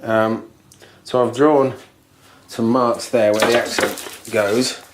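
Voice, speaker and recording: A man's voice: mid-range voice, fairly even intonation, slow pace, echoey room, noisy background. A man casually explaining bathroom tiling step by step, thinking aloud with ums and restarts. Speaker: DIY video host. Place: bathroom being refurbished, indoors. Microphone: camera mic, moving around the room.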